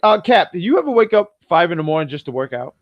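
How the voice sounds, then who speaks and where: A man from New York with a fairly high voice chats through a wrestling review in a loose, jokey way, often correcting himself mid-sentence. The sound is dry and a little dull, as if from a home mic. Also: very animated, fast, dry recording. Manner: rambling, self-correcting, jokey. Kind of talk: casual podcast chat.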